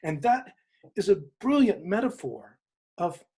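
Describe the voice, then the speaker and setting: A man, an interview guest, retelling a story in an emphatic, animated way, often repeating phrases for weight. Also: sits high, measured pace. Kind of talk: inspirational storytelling in conversation.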